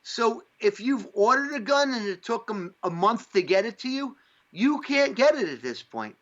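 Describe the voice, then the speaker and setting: A man's voice: very high voice, sing-song, moderate pace, fairly bright tone. Rambling man from upstate New York, lo-fi. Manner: rambling, profane, lots of fillers. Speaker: podcast host. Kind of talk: casual chat. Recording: dull lo-fi sound.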